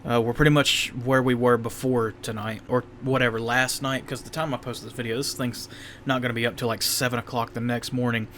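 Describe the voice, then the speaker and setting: A man's voice: medium pitch, flat delivery, brisk, fairly bright tone, slight background noise. Man rambling through a candid wrestling review. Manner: rambling, candid, self-correcting. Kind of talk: casual review monologue.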